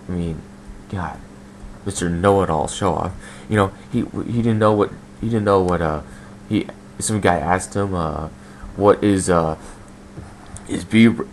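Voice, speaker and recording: A man's voice: deep voice, a little hiss or hum. A man hosting a casual solo podcast, rambling and blunt, swearing freely and filling gaps with "um" and "I mean". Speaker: podcast host.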